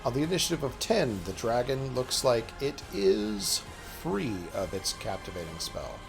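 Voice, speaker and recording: A man's voice: mid-range voice, expressive, moderate pace, vocal fry, over music. A man running a tabletop game as game master, narrating with a wry touch. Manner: descriptive, wry.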